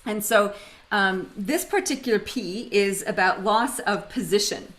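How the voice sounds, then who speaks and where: A woman's voice: medium pitch, a little slow, fairly bright tone, rough recording. A woman from Canada, presenting a webinar in a conversational way and telling personal stories with humor over a video call microphone. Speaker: webinar facilitator.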